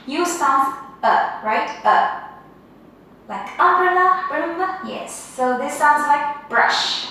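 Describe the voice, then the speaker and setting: Slow, high-voiced woman teaching phonics. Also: expressive, pushed and bright. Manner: clearly sounds out each letter, repeats, praises with "very good". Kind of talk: slow, patient phonics drilling. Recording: echoey room, voice from far off, faint noise.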